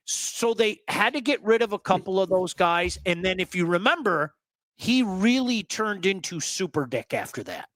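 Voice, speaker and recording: A man hosting sports talk radio in an emphatic, animated way. His voice sits somewhat high for a man. The sound is dry and close, with no room around it. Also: normal speed, dry recording. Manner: emphatic, animated storyteller who repeats words for effect.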